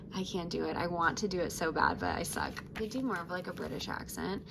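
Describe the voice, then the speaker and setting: A woman's voice: on the low side, very animated, fairly quick, creaky, few pauses, slight background noise, rough recording. A young woman doll reviewer chatting casually and gushing to her viewers. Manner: gushing, warm sign-off. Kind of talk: casual vlog chat.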